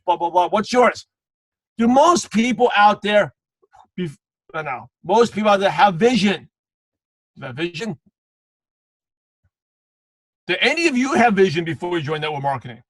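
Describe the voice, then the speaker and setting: A man giving a network marketing coaching talk, animated and acting out quoted salespeople. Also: high-pitched, dry recording, low-quality recording.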